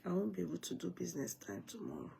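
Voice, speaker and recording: A grieving woman with a Nigerian accent, talking to viewers on a late-night livestream in a halting, subdued way and often breaking off mid-sentence. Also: lowish voice, very animated, vocal fry, dark tone, slight background noise.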